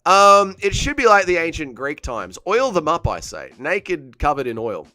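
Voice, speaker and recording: A man's voice: on the high side, very animated, normal speed, bright, forceful tone, no room sound, studio quality. A man, hosting a casual fight watch-along stream and joking crudely as he reads chat aloud. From Australia. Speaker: livestream host.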